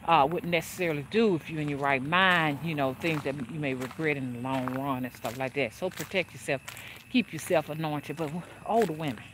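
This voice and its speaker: An older spiritual advisor with a low-sitting voice speaks fairly quickly over a noisy background. Chatting frankly on a livestream, she preaches to viewers, full of fillers and restarts.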